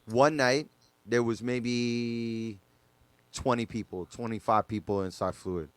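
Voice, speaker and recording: A man's voice: medium pitch, steady tone, slow, noisy background. A man, a DJ guest on a podcast, telling stories casually with loose slang and lots of fillers.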